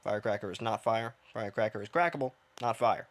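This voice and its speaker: Man, lowish voice, gameplay commentary, self-mocking, rambling, talking to himself. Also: quick pace. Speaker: gaming streamer. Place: his own dim room.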